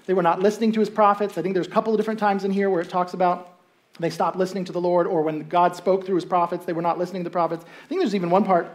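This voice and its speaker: A pastor speaks rapid-fire in a medium-pitched, slightly mellow voice with little pitch movement. Preaching in a church sanctuary, he keeps things conversational and relaxed, posing rhetorical questions to the congregation and briefly doing the voices of people in his story.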